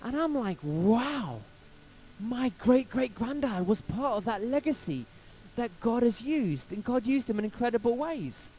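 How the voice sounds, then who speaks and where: A man from England, a pastor telling a personal story in a sermon, lively and anecdotal, acting out quotes along the way. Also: extremely high pitch, normal speed, low-quality recording.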